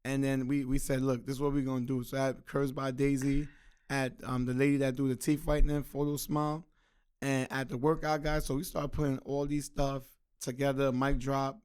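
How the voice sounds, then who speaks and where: A man guest on a podcast, telling stories in a relaxed, slangy, casual way. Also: mid-range voice, moderate pace, clean tone. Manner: laid-back, slangy storytelling. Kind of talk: casual storytelling chat.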